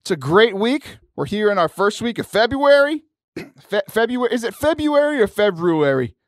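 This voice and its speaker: A man's voice: sits high, normal speed, no echo, clean studio sound. Upbeat joking male radio host. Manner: energetic, jokey, rambling with restarts. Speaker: podcast host. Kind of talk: casual comedic radio chat. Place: radio studio.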